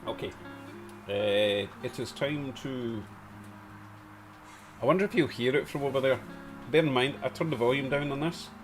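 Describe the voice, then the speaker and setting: A man's voice: medium pitch, normal speed, pauses often, over music. A man from Glasgow with a Glaswegian accent, chatting casually on a live stream as host and answering viewers in the chat. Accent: Glaswegian Scottish. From Scotland. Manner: chatty, reads out chat comments, chuckles to himself. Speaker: model railway livestream host.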